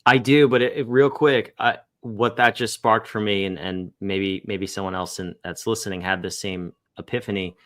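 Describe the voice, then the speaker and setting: A man's voice: fairly low pitch, steady tone, moderate pace, few pauses, fairly bright tone. A male podcast host in a casual interview, often restarting and repeating words as he thinks aloud.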